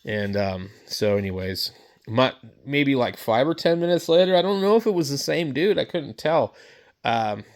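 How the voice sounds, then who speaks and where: A man's voice: mid-range voice, animated, moderate pace. A man vlogging, telling a story in a blunt, rambling way with many fillers. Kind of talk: casual storytelling rant to camera.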